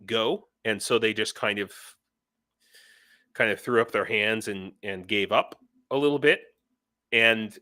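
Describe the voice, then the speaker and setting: A man in his forties talking casually on a livestream, rambling with frequent restarts and asides. His voice is bright and forward. The sound is dry and close to the mic. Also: on the low side, no room sound. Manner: rambling, self-interrupting, reads chat comments aloud. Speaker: livestream host. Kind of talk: casual live-stream chat. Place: home in Ukraine.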